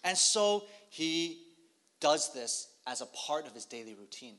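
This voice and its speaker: Man preaching, slightly high voice, storytelling, short phrases. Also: very animated, fairly bright tone. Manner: storytelling, pausing for the interpreter. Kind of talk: sermon with live interpretation.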